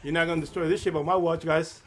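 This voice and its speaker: A man giving casual gameplay commentary, excited and often stumbling and repeating words. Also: on the high side, fast talker, faint music behind. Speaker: gamer.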